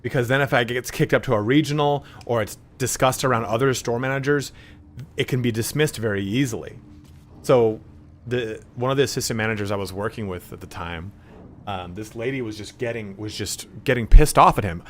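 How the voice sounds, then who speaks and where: A man's voice: mid-range voice, a little fast, slight background noise. A man streaming a game, telling profane, rambling anecdotes and acting out the voices in them. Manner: acts out voices in his stories. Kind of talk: casual chat while gaming.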